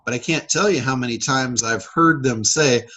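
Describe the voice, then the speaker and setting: A man's voice: medium pitch, normal speed, pushed and bright, rough recording. A man hosting a casual coaching call, talking in a rambling way with many fillers and restarts. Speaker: public speaker and sales trainer.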